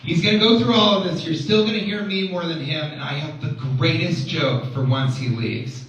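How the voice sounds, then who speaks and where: A man's voice: fairly high pitch, moderate pace, fairly bright tone. A male stand-up comedian doing rambling, sarcastic, mock-serious crowd work. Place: comedy club stage. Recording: echoey club from far off with crowd.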